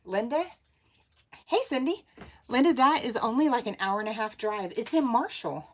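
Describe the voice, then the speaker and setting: A woman's voice: fairly high pitch, animated, normal speed. A woman, hosting a casual craft livestream, bubbly, laughing often and greeting viewers by name. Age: 40s.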